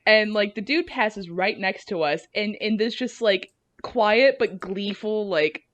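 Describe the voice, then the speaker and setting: A woman's voice: mid-range voice, a little slow, a bit bright, dull audio. Giggly woman guest on a podcast. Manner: giggly, laughs through her stories. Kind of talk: casual chat.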